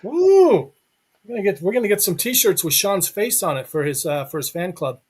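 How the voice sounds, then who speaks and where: A man's voice: high voice, lively intonation, quick pace, slightly rough. A man hosting a live online show, joking with co-hosts and reading a guest introduction. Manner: joking, reads intro aloud. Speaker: show host.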